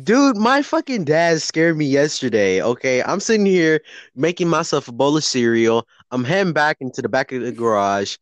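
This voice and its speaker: Casting: male podcast co-host, profane and joking, very lively pitch, dry booth sound. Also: normal speed, no room sound. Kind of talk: casual chat.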